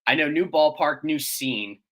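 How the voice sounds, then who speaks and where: Bright-voiced male baseball co-host. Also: a little high, unhurried, rough recording. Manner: reads stats, laid-back banter. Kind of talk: casual sports talk.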